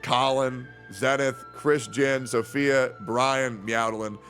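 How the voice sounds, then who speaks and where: A young man streaming in casual chat, animated and swearing freely. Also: mid-range voice, moderate pace, faint music behind. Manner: animated, swearing, jumps into impressions.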